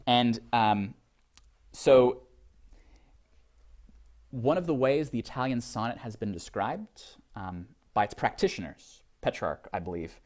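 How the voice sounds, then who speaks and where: A man's voice: medium pitch, lively intonation, a little slow, long pauses, a little mellow. A man giving a college literature lecture to a class, thinking aloud with many fillers and restarts, and reading poems aloud.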